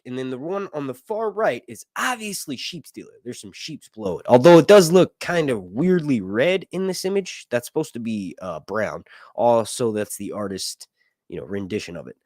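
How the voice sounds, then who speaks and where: A man's voice: medium pitch, no echo, studio quality. A man from the United States giving casual, opinionated video commentary, ranting with frequent fillers and tag questions. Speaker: YouTube commentator.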